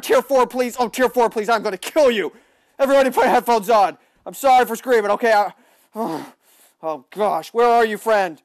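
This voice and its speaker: A young man giving excitable live commentary on a shooter game, often yelling at opponents. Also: very high-pitched, normal speed, no room sound, clean studio sound. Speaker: livestreaming gamer.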